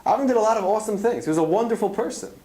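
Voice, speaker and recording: Earnest man, fairly high voice, storytelling Torah talk, roomy hall echo. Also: animated, racing, warm tone. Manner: earnest storytelling, weaving in Hebrew terms. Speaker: speaker at a student event. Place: event hall.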